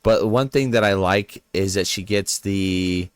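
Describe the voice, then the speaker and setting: Man, podcast guest, smooth resonant voice, measured, casual chat. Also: low-pitched, no room sound. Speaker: guest wrestler.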